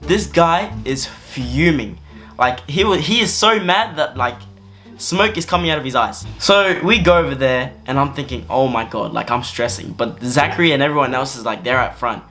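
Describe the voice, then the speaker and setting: A young man telling a storytime vlog story in an animated, slangy way. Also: mid-range voice, moderate pace, faint music behind. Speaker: vlogger. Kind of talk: storytime narration.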